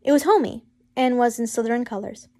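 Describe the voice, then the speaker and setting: Woman, fan fiction reader, casual and chatty, a little high voice, breaks off to joke. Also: a little fast, darkish tone. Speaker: fanfiction reader.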